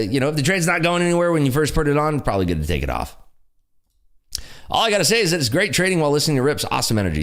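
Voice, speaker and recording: Eager and upbeat, a man with a big, room-filling voice leads a casual day-trading livestream, reading viewer comments aloud and answering them. His pitch varies widely, and he stays lively and enthusiastic, laughing often.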